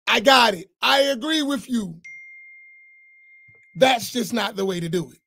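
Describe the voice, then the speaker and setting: A man's voice: extremely high pitch, lively intonation, measured pace, vocal fry, pauses often, sharp tone. A man, an imam on an online roundtable, making his point firmly and insistently, step by step. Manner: firm, insistent, reasoning step by step.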